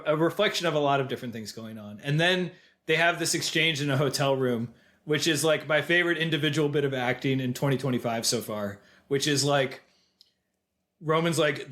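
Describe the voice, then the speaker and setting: Male podcast co-host, slightly high voice, animated retelling with quoted lines. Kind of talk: casual film discussion.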